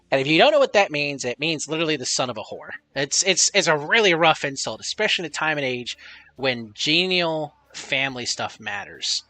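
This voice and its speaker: A man's voice: fairly high pitch, bright, forceful tone, dry recording. A man streaming live, chatting casually and rambling with lots of swearing while reading chat messages aloud.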